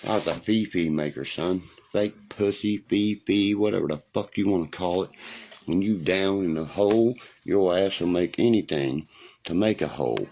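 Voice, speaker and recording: A man's voice: deep voice, normal speed, darkish tone, a little hiss or hum, rough recording. A middle-aged man talking on a home livestream into a phone, rambling and profane, forever asking whether you know what he means. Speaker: livestream host.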